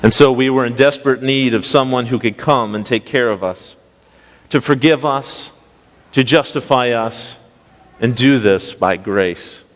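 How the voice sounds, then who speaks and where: A man's voice: mid-range voice, unhurried. A young man, a pastoral intern, preaching a storytelling sermon in a folksy, anecdotal manner, asking the congregation rhetorical questions. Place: church sanctuary. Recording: long church reverb.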